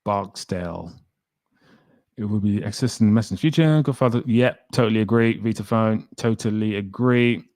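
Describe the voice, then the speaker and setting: A man's voice: lowish voice, moderate pace, a little mellow, no room sound. A man hosting a casual livestream, chatting and reading viewer comments aloud in a rambling way. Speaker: livestream host.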